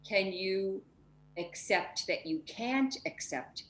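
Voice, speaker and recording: A woman's voice: medium pitch, expressive, slow, a bit bright, reverberant, poor audio. A woman hosting a heartfelt spiritual conversation over a video call, speaking emotionally and acting out inner voices. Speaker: host.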